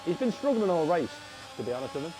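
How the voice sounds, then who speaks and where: A young man giving live sim racing commentary, chatty and excitable, talking to his viewers as lads. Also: fairly high pitch, fast, background noise. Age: young adult. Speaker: race commentator.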